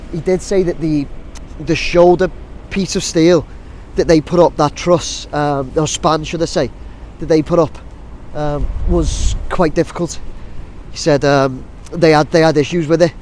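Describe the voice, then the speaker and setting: A man's voice: on the high side, darkish tone. A man with a blocked nose from a cold, chatting casually and rambling with many ums and restarts, outdoors by a busy building site. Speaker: drone vlogger. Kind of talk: casual outdoor vlog chat. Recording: faint outdoor site noise. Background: faint site and traffic noise, wind.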